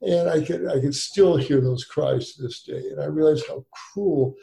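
Mellow-voiced man telling stories in an echoey room. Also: fairly high pitch, normal speed, gravelly. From United States. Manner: rambling with many restarts and fillers. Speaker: physician guest. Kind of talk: conversational interview storytelling.

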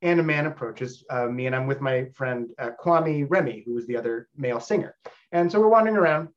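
Male stage actor, 30s, chatty storyteller, middling pitch, dull recording. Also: brisk. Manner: rambling with frequent fillers and restarts, animated storyteller. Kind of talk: casual anecdote telling.

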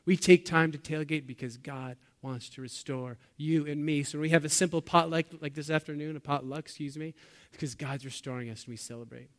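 A man preaching a sermon to his congregation, asking them questions and swinging between loud bursts and quiet, low lines. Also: fairly even intonation, brisk. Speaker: pastor.

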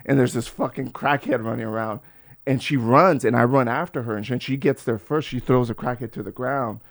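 A man's voice: mid-range voice, fairly quick, vocal fry. A man in his forties, a podcast guest, telling stories casually, swearing often and acting out the voices of people in them. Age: 40s. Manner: animated, profane, acts out voices in his stories. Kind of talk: casual storytelling.

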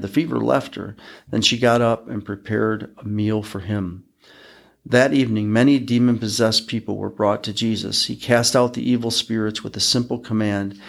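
A man hosting a podcast, reading Bible passages aloud in a measured, even way. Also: lowish voice, vocal fry. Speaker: podcast host reading scripture. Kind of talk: scripture reading.

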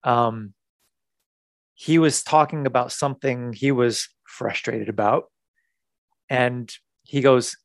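Animated man coaching, dry close sound. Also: medium pitch, slow, creaky, pauses often, dry recording. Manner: animated, acts out dialogue, repeats words for emphasis. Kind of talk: casual podcast conversation.

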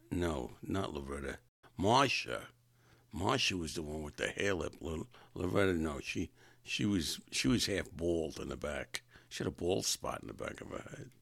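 A man with a low, gravelly voice tells personal anecdotes in a casual, rambling way. His pitch swings widely as he animates the story, and he often stops to correct himself. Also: very animated, measured pace, a bit bright, dry recording. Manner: rambling, self-correcting, chuckling.

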